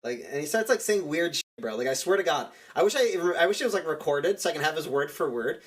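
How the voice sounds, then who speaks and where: A man's voice: a little high, expressive, fast talker. A young man streamer telling a rambling story in casual chat, full of "like" and restarts.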